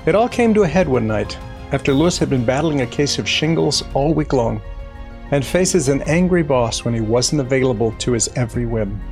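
A man giving scripted documentary narration in a measured, even delivery. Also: mid-range voice, faint music behind.

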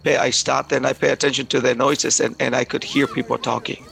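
A man telling a personal story aloud in a halting way, often repeating words and restarting. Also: mid-range voice, little pitch movement, gravelly, a bit bright, a little hiss or hum, poor audio.

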